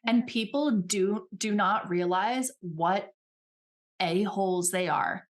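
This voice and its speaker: A woman coach speaking as a podcast guest, animated and chatty, often acting out little voices in her examples. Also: medium pitch, slow. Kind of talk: casual chat.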